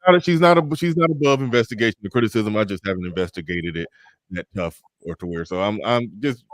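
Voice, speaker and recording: A man with a low, easygoing voice hosts a casual livestream and reads viewer messages aloud between his own remarks. He talks in a relaxed, loose way. The sound is dry and close to the mic. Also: quick pace, no room sound. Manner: relaxed, reads out super chats. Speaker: livestream host.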